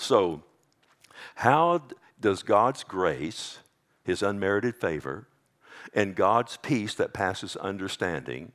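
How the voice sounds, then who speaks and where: A man with a Texas accent preaching a sermon, talking casually to the congregation and asking them for amens. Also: a bit bright. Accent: Texan. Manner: conversational, calls out to congregation for amens; slows and drops low on scripture lines.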